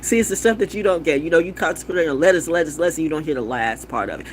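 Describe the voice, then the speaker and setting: Animated, profane woman vlogging. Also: low-pitched, fast, few pauses, a little hiss or hum. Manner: blunt, profane and wandering; repeats words playfully. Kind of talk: casual rambling monologue.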